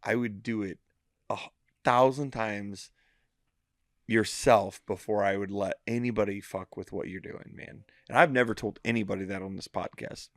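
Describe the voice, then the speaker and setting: A man co-hosting a podcast in casual chat, animated, swearing freely and acting out his own thoughts. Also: fairly low pitch, normal speed, no room sound, clean studio sound. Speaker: podcast co-host.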